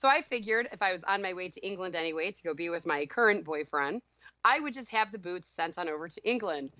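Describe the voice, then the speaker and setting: A woman's voice: on the low side, fast, dry recording, muffled recording. A woman co-hosting a podcast, telling a story in casual chat and laughing often as she acts out what others said. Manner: animated, laughs often, acts out quotes loudly. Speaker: podcast co-host.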